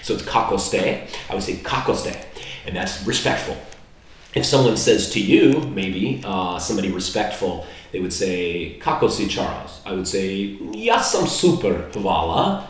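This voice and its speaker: Echoey far-off man explaining phrases. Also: low voice. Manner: relaxed, rambling, slows down to spell out foreign words. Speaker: language learner teaching basic phrases. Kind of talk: casual vlog lesson. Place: indoor room in Serbia. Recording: very echoey room, mic far off.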